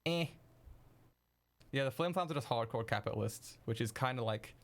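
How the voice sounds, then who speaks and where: A young man streaming while he edits video, chatting casually with viewers, excitable and swearing freely. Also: medium pitch, moderate pace. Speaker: streamer editing video live. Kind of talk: casual live-stream chat.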